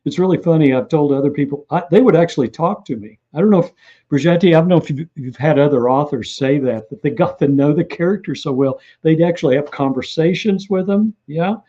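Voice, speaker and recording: A man, an author being interviewed, telling lively stories and acting out what people said. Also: a little high, fairly quick, dull audio. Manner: animated anecdotal storyteller who acts out quotes. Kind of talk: interview storytelling.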